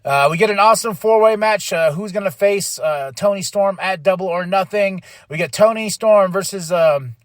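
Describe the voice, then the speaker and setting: A man hosting a podcast, recapping wrestling in casual talk and acting out quoted lines in quick mock voices. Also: sits high, a bit bright, dry recording, studio quality. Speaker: podcast host.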